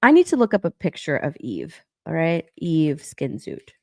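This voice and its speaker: A woman's voice: low-pitched, wildly swooping pitch, normal speed, creaky, no echo, clean studio sound. A young woman chatting casually on a live stream, rambling and repeating herself, swearing and laughing. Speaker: stream co-host.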